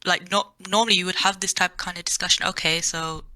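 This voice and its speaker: A woman guest on a casual podcast chat, explaining her points in a measured way. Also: on the low side, fairly even intonation, pushed and bright.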